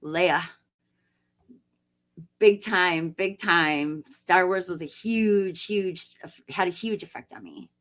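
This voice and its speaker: Tired woman streamer, slightly low voice, chatty and rambling with viewers. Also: animated, slow pace, few pauses, fairly bright tone. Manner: chatty, laughs often, rambling restarts. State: tired after a long stream. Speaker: livestream host. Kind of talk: casual live chat reading viewer comments.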